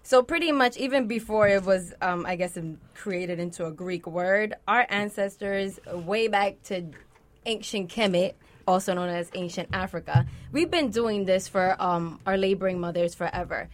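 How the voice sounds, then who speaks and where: A woman in her twenties, a guest in a radio studio interview, relaxed and friendly as she explains. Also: medium pitch, moderate pace. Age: 20s.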